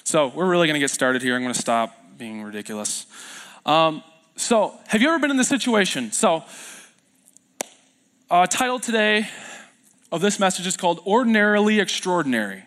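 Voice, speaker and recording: A man's voice: sits high, animated, moderate pace, pauses often, fairly bright tone. A young man preaching a sermon as pastor in a church, telling stories in a loose, self-deprecating way with fillers and restarts. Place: church sanctuary.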